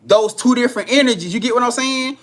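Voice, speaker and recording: A man's voice: very high voice, fast talker, fairly bright tone. A man giving a casual live-stream spiritual reading, talking straight to his viewers in a chatty, repetitive, profane way with frequent laughter. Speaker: spiritual card reader.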